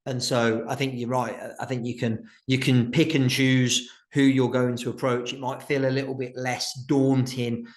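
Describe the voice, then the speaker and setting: A man's voice: medium pitch, flat delivery, moderate pace, hardly any pauses. A man hosting a podcast interview, thoughtfully framing questions for his listeners. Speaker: podcast host. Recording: roomy echo.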